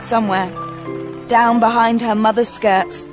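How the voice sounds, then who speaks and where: A woman reading a children's storybook aloud in a gentle, expressive way. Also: on the high side, a little slow, music in the background. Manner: gentle, expressive, varied pacing.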